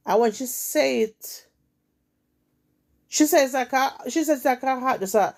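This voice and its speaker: A woman's voice: high voice, unhurried, long pauses, a little mellow. A woman with a Jamaican accent, retelling a story in emphatic, repetitive, dramatic casual chat as host.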